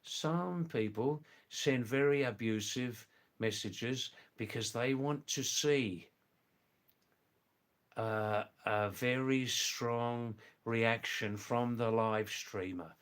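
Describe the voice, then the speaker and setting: An older retired man from England and Australia chats with his live stream viewers, reading out their comments. His medium-pitched voice moves at a slow, unhurried pace, and he gently repeats himself, often saying "you know" and "yes."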